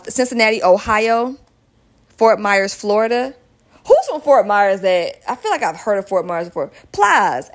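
Woman podcaster, casual and chatty, mid pitch, rattles off place names with asides. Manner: chatty, reading a long list of towns with asides. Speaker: podcast host.

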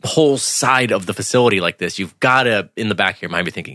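A man co-hosting a podcast, animated and casual, swearing and laughing as he reviews a TV episode. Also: on the low side, fast, few pauses, dry recording, clean studio sound. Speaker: podcast co-host.

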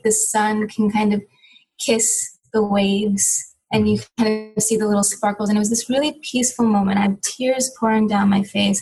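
A woman's voice: mid-range voice, a little mellow, rough recording. A middle-aged woman, a guest in an interview, telling a personal story in an earnest, reflective way with frequent restarts.

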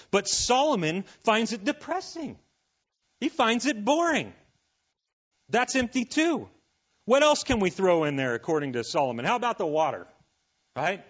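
Animated, high-voiced preaching man. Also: slightly rough, dull audio. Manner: animated, conversational preaching with asides to the congregation. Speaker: pastor. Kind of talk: sermon.

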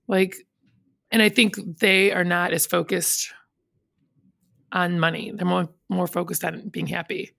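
A woman's voice: fairly low pitch, flat delivery, measured pace, creaky, long pauses, a bit bright, no echo. A woman in casual conversation, rambling and chatty, laughing often and slipping into quoted voices of other people. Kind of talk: casual chat.

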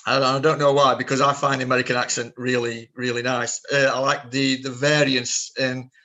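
A man's voice: mid-range voice, level tone, fairly quick, sharp tone, highs cut off. A British man, an author being interviewed, talking modestly with many hesitations. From Britain. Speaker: author guest. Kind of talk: casual interview chat.

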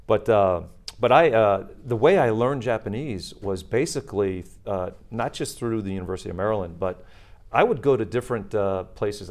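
A man's voice: fairly low pitch, a little mellow. A middle-aged man, a retired Marine, talking casually in an interview with many fillers and restarts.

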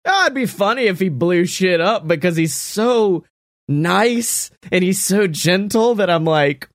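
Animated young man, dry close sound. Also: sits high, a little slow, dry recording. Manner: animated, laughing, swears freely. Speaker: show creator and voice actor. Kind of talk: casual podcast chat.

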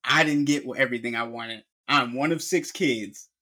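A middle-aged man co-hosting a casual podcast, weighing in with firm, earnest opinions. His voice sits at an ordinary middle pitch, and his conversational delivery is unhurried. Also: pushed and bright. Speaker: podcast co-host. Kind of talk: casual chat.

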